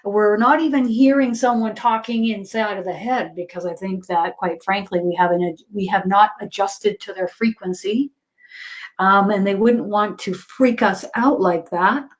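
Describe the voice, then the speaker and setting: A woman's voice: medium pitch, normal speed. Chatty woman medium, laughing easily. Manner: chatty, laughs often, many fillers. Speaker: psychic medium. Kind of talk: casual livestream reading.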